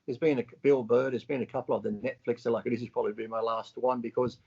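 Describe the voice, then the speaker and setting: A gravelly, husky-voiced man chats on a podcast. He swears freely and acts out what people said to him, bluntly and with animation. The audio is dull and lo-fi. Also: medium pitch, fast. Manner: blunt, profane, animated retelling. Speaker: podcast co-host. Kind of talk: casual chat.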